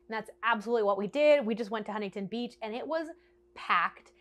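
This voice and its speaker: A woman chatting to camera in a bubbly, animated way, telling a storytime to her viewers and laughing often. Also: a little high, fast talker. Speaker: vlogger. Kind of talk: casual storytime chat to camera.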